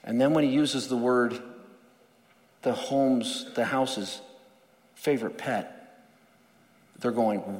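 A man's voice: medium pitch, slow pace, long pauses, darkish tone, big-room sound. A male pastor preaching a sermon in an earnest, emphatic way, often repeating words.

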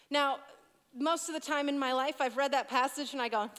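A young woman in her twenties gives a sermon in a high, light voice. She talks like she is chatting with a room of teens, slipping in asides, and her words ring out with a long reverb from a big church hall. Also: fairly quick, a bit bright. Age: 20s. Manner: conversational storytelling with asides to teens. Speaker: youth pastor.

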